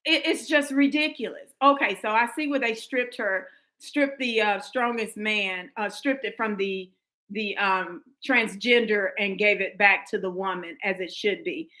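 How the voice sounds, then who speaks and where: A woman's voice: mid-range voice, unhurried, bright, forceful tone, poor audio. An American woman hosting a livestream commentary, talking emphatically to her viewers with frequent restarts. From United States. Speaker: livestream host.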